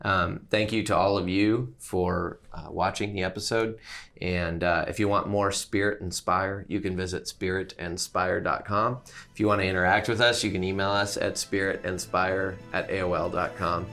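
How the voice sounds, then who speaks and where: A man's voice: deep voice, steady tone, moderate pace, gravelly, a bit bright. A man hosting a podcast, closing out the episode with thanks and contact details. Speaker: podcast host.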